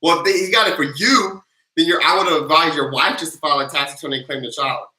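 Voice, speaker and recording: A man hosting a casual livestream Q&A, reading viewer questions and answering with energetic, playful hype. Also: a little high, quick pace, echoey room, low-quality recording. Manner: energetic, hyped chant leader, loud and playful. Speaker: livestream tax advice host.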